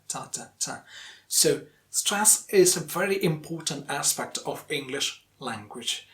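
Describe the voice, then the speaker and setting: A man teaching English pronunciation in a video lesson, speaking deliberately and sounding out words syllable by syllable. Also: fairly high pitch.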